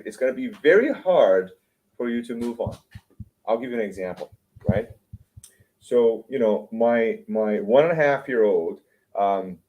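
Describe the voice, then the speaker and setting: A man's voice: on the low side, a little mellow, low-quality recording. Male lecturer at a spiritual talk, chatty and informal, keeps checking in with the room and restarts words. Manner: conversational, keeps asking "right?"; repeats words and restarts often.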